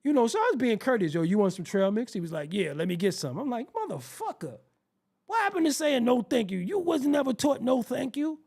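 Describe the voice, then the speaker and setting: A man hosting his show, telling a comedic, profane story in an animated way and acting out the quoted voices. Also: extremely high pitch, fairly quick, creaky. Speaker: show host.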